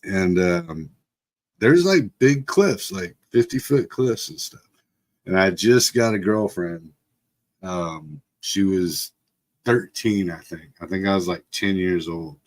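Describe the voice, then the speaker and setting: A man's voice: deep voice, slow. A middle-aged man from Texas telling a rambling story on a livestream, with lots of fillers and frequent laughs. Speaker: livestream host. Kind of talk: casual storytelling.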